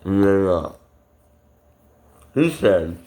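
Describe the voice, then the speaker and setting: Deep-voiced man ranting, swearing heavily. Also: big pitch swings, extremely slow, dark tone. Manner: profane, agitated, heavy swearing; rambling with many fillers and restarts. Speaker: vlogger. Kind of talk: angry personal rant.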